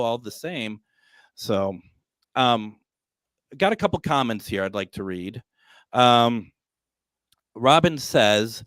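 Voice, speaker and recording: A man's voice: mid-range voice, smooth, no room sound. A man hosting a live paranormal radio talk show, telling stories animatedly and acting out his own quotes with plenty of fillers.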